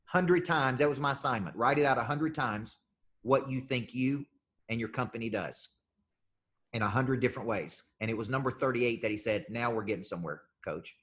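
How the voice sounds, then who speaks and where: A man coaches salespeople live as a business coach, using a mid-range voice at a moderate pace with a fairly bright tone. He drives his points with emphatic, punchy lines and repeats his phrases as he circles back.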